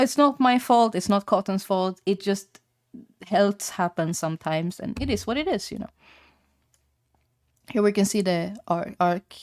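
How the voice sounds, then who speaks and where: A young woman streamer chatting in a loose, rambling way. She drops swear words and laughs easily, with a voice of ordinary, mid pitch. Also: smooth. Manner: rambling, laid-back, swears and laughs often. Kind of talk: casual chat.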